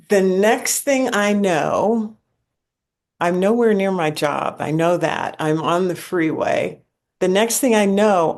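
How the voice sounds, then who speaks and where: A woman telling a personal spiritual story in a slow, storytelling way, repeating words for emphasis. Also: on the low side. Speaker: speaker sharing a spiritual experience. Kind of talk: personal testimony talk.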